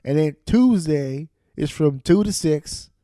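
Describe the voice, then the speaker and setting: A man hosting a podcast, telling a loud, angry, profane comic rant into a studio microphone. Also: on the high side, animated, takes it slowly, no echo. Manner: loud, angry, swearing storyteller. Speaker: podcast host.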